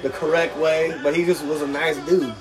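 A man's voice: a little high, level tone, moderate pace. A man co-hosting a podcast, chatting casually about basketball and football in a laid-back, slangy way. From California. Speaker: podcast co-host. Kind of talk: casual sports chat.

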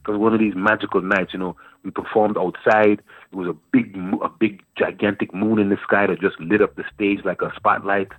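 A man in his fifties from Antigua tells stories as a radio interview guest, repeating himself with animated energy. His voice is low and husky. It comes through a dry, narrow phone-like line. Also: a little fast, no room sound. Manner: animated storyteller, repeats words and phrases. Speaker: guest poet.

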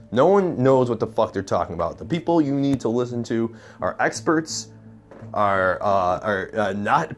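Young man, heated profane rant, animated pitch, repetitive restarts, faint background music. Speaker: vlogger. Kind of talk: political rant.

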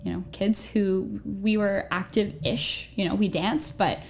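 Casual young woman host, animated and talkative, light background hiss. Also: mid-range voice, a little slow, creaky. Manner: chatty and animated, lots of fillers. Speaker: podcast host. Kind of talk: casual chat.

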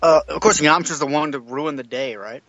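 A man's voice: a little high, moderate pace, fairly bright tone, dry recording, muffled recording. A man co-hosting a podcast, chatting casually with easygoing, dry jokes. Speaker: podcast co-host. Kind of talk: casual chat.

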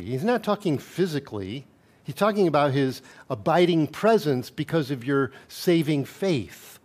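A man's voice: on the high side, expressive, unhurried, a little mellow. A male pastor preaching a sermon in a conversational way, reading scripture aloud with asides and light chuckles.

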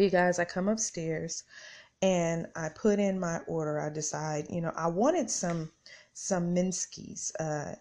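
A woman's voice: deep voice, darkish tone. A middle-aged woman hosting a podcast, telling a casual story straight to her listeners and acting out her own reactions as she goes. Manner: chatty, addresses listeners directly, acts out her own reactions. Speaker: podcast host.

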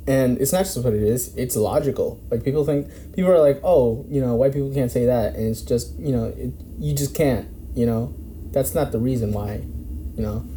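Dark-voiced man musing in an echoey room. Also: mid-range voice, moderate pace. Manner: rambling, many fillers and restarts, swears. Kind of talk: casual discussion. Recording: echoey room with faint background noise.

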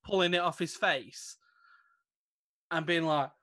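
Bright-voiced man reading a story, amused. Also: fairly high pitch, slow pace. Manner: amused, laughing between lines, narrating the story. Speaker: podcast co-host. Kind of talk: casual comedic chat, reading out a news story.

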